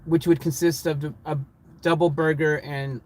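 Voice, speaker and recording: Man, high-pitched, casual chatty vlogger talking to his viewers from a van, faint vehicle noise. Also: normal speed. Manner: chatty, laughs, excited bursts. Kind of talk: casual live vlog chat with viewers.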